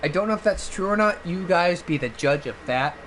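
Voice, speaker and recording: A man's voice: high voice, animated, fairly quick, a little hiss or hum. A drunk young man chatting loosely over a game stream, rambling and bursting into song. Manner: rambling, loud, bursts into singing. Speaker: gaming streamer. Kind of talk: casual gameplay chat.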